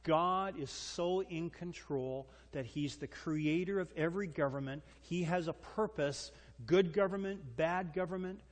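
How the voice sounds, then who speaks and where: A man preaching a sermon, animated and emphatic, firing rhetorical questions at his congregation. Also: on the high side, a little slow, few pauses. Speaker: pastor. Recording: long hall reverb.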